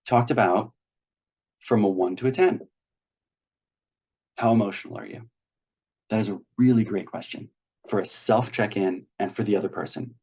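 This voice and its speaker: A man's voice: lowish voice, moderate pace, pauses often, mellow, slightly rough. A man hosting a weekly meetup on a video call, coaching earnestly and acting out sample dialogues. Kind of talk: instructional talk on a video call.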